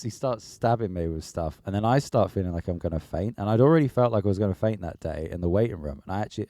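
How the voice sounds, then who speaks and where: A man co-hosting a podcast, telling an animated, sweary story in casual chat. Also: fairly low pitch, no echo, clean studio sound. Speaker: podcast co-host.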